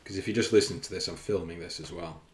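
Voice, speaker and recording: Brief: male fitness coach, solo podcast, deep voice, rambling and self-conscious, echoey room. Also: fast talker, slight background noise. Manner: rambling and self-conscious, with frequent fillers and swearing. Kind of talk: casual solo podcast chat. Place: room indoors, filming himself. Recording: roomy echo.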